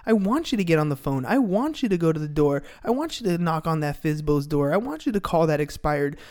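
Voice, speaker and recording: A man's voice: on the high side, big pitch swings, fairly quick, a little mellow. A man in his thirties hosting a business podcast, talking energetically and motivationally, often tagging lines with "right?". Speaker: podcast host and sales coach. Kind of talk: casual podcast chat.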